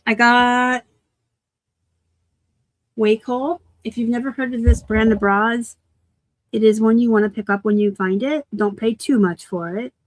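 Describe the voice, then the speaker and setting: A woman from Arizona hosting a casual live unboxing of thrift finds, chatty and quick to laugh at herself. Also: fairly high pitch, steady tone, dry recording. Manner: chatty, laughs easily, self-deprecating asides. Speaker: reseller host.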